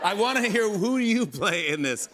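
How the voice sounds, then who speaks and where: Effusive talk show host, higher voice. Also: male voice, sing-song, a crowd in the background. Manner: effusive, enthusiastic, quick to laugh. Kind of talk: late-night talk show chat. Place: television studio.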